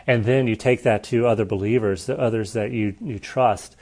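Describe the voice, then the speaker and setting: A man preaching a conversational sermon, earnest, moving between lively storytelling and quiet reflection. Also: on the low side, normal speed.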